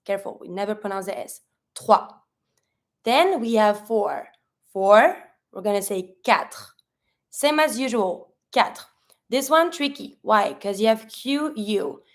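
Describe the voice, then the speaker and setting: A woman's voice: mid-range voice, animated, unhurried. A woman teaching a French lesson, explaining pronunciation patiently step by step with repeated examples. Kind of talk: online language lesson.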